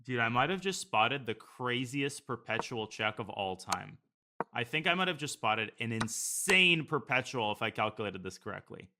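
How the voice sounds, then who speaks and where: A man's voice: medium pitch, animated, normal speed, background noise. A man streaming online blitz chess, thinking aloud about his moves in a casual, joking way. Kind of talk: live commentary while playing online blitz.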